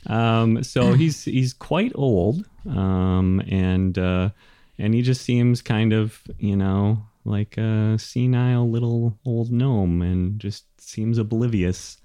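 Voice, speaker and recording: A man narrating as game master of a tabletop game, halting and full of fillers. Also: fairly low pitch, dark tone, smooth, no echo, studio quality.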